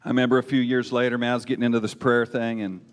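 A man's voice: medium pitch, level tone, racing. A middle-aged man preaching a sermon and telling his own story in a folksy, emphatic way. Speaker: pastor. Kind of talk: sermon with personal testimony. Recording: long hall reverb.

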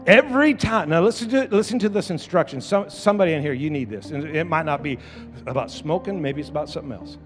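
A high-pitched male pastor preaching in a church, his voice carrying through a long, echoing hall. He circles back on his phrases and climbs into shouting, with soft music under him. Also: quick pace. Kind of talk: sermon.

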